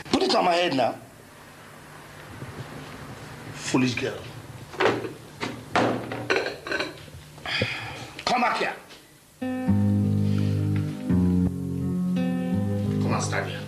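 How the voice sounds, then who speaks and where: A man's voice: mid-range voice, very animated, brisk. A man playing a cruel, mocking drunken stepfather who bullies and laughs scornfully. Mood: menacing. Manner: taunting, bullying, laughing scornfully. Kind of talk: film drama acting. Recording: echoey room with loud music.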